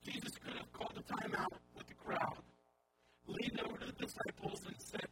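A male pastor giving a sermon in a conversational style with wry asides, over a recording with hum and noise. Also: moderate pace. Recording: audible hum and background noise.

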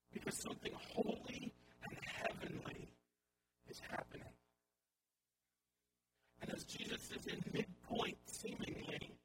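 Man, pastor, sermon, conversational with wry asides, very animated swooping voice, noisy hum. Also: extremely high pitch. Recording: audible hum and background noise.

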